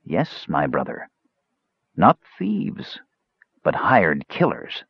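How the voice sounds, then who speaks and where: A man voicing a frail young male mage who talks in a soft, whispering, cool way. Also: a bass voice, wildly swooping pitch, slow, gravelly, slightly rough, dry recording, lo-fi sound, voice pushed down, full character voice. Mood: cold.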